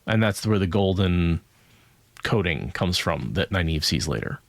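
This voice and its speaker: A low-pitched male podcast co-host, animated but unhurried, talks casually through a book. He rambles thoughtfully with many "right?" asides, and there is no room sound.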